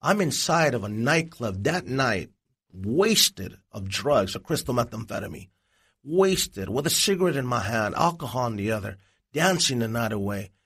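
A man, a Christian evangelist, telling his life story as an interview guest in an earnest, animated way. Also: medium pitch, moderate pace, slightly rough. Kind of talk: personal testimony in an interview.

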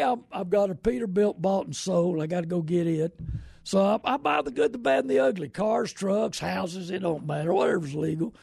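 A man's voice: high voice, gravelly, dark tone, husky, no echo, clean studio sound. A middle-aged man, hosting a car-buying show in a casual, rambling, folksy way and greeting viewers by name. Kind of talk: casual live-stream talk.

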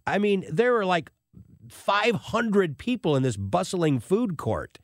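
A man hosting a radio talk show, telling a story in an emphatic, animated way. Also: fairly high pitch, slow pace, no room sound, studio quality.

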